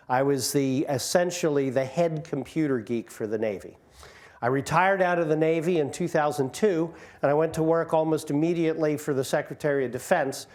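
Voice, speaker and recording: Speaking into a microphone at a community hall, a guest speaker in his sixties entertains the audience with jokes and tales from his career. His voice is fairly high-pitched with a darkish tone, and he's quick to make fun of himself in this informal talk.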